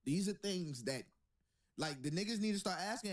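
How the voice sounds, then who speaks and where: The man's voice sits high and moves at a normal speed. As a podcast host in casual banter, he offers incredulous, joking commentary punctuated by laughter.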